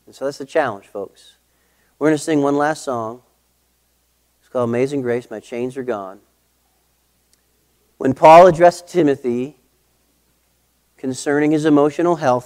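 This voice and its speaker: A middle-aged man delivers a sermon from the pulpit. He is emphatic, repeats key phrases and slows down on the words he wants to land. His pitch sits in an ordinary middle range for a man. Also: a little mellow. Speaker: pastor.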